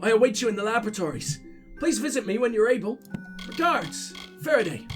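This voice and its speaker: A man's voice: high voice, big pitch swings, a little fast, soft background music. A man putting on an Irish-accented lady scholar. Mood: formal. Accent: put-on Irish. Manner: formal letter reading, stumbling over words. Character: female scholar read aloud with an Irish accent.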